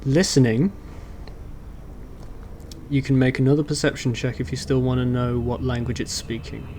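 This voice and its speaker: A man narrating as dungeon master in an online tabletop game, describing scenes in a measured way. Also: mid-range voice, flat delivery, a little mellow, a little hiss or hum. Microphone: online voice call.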